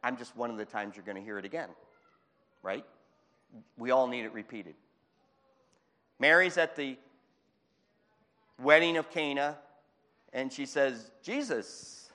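A male preacher gives an animated sermon and acts out the scenes he tells. His voice sits at a middle pitch. A long reverb trails after him through the hall.

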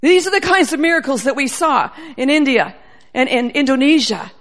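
Passionate woman preacher, high voice, swells to cracking cries; sometimes drifts off-mic. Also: animated, normal speed. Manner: fervent, builds to near-shouting, voice breaking with emotion. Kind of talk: charismatic sermon.

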